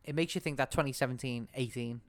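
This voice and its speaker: Lively, laughing man. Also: medium pitch, fast talker, no room sound. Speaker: podcast co-host. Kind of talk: casual chat.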